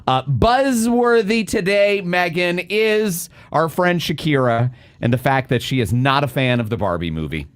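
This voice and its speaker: A man's voice: a little high, moderate pace, hardly any pauses, clear, resonant tone, dry recording. A man co-hosting a radio show, chatting casually and addressing listeners directly in an upbeat way. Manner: upbeat, animated, talks straight to listeners. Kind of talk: casual morning-show banter.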